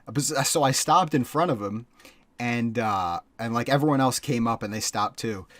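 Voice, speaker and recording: A young man in the middle of a casual podcast story, talking at a mid pitch and swearing freely. His talk is loose and rambling, packed with fillers. The sound is dry and close to the mic, with little room behind him. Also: moderate pace, a bit bright, dry recording. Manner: profane, rambling, full of fillers. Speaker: podcast co-host.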